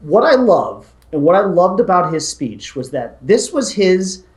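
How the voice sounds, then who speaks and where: Male co-host, opinionated movie banter, lively delivery, roomy echo. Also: high voice, measured pace. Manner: opinionated, animated. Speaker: podcast co-host. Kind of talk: casual movie talk.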